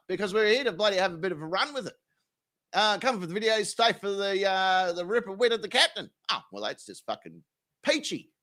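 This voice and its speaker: An Australian man with a high, bright voice hosts a live stream. He swings up and down in pitch as he jokes, swears and laughs his way through the chat. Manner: profane, laughing, joking with chat. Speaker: livestream host. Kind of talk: casual live chat reading comments.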